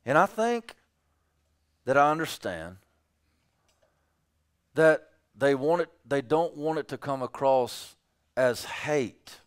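A man's voice: mid-range voice, animated, slow pace, pauses often, smooth. A man preaching a sermon as pastor, emphatic, often repeating his phrases for weight.

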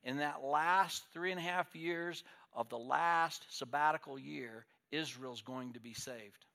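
A male pastor delivers a sermon in a bright, forceful voice that sits a little high. He is emphatic, rising to loud declarations and dropping to quiet asides. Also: measured pace, gravelly.

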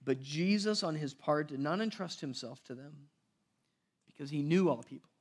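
A man preaching a casual, conversational sermon, animated and acting out the people in the passage. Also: on the high side, normal speed. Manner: animated, conversational, acts out voices in quotes. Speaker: pastor.

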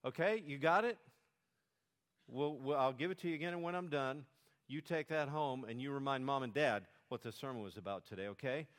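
A man's voice: medium pitch, a little fast, a bit bright, big-room sound. Older male pastor preaching a sermon. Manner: calls children to repeat sermon points.

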